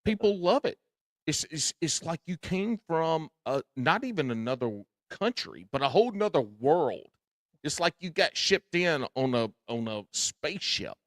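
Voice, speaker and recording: A man's voice: a little high, very animated, moderate pace, no room sound, studio quality. A man hosting a podcast, speaking with a Southern US drawl in casual chat, folksy and freely swearing as he tells stories. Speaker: podcast host.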